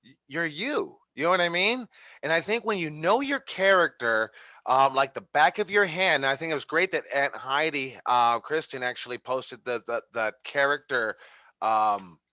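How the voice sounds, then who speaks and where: A man coaching wrestling students over a video call, his voice fairly high and bright. He rambles and restarts often, and the audio is dull and dry, like a lo-fi call. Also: expressive, normal speed, no room sound. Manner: rambling, many fillers and restarts. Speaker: wrestling instructor.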